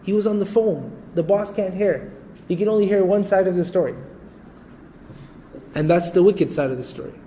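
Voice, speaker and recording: A male preacher telling a story in a conversational sermon, animated and often checking in with his listeners. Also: high-pitched, normal speed, pauses often, a little hiss or hum, rough recording. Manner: animated, conversational, repeats points with "you know" and "okay?".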